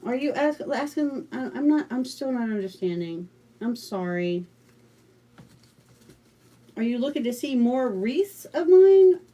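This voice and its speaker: A woman's voice: fairly high pitch, big pitch swings, unhurried, long pauses, mellow. A middle-aged American woman hosting a casual craft livestream, chatting and telling stories with lots of fillers and restarts. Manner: chatty, rambling storytelling with many fillers.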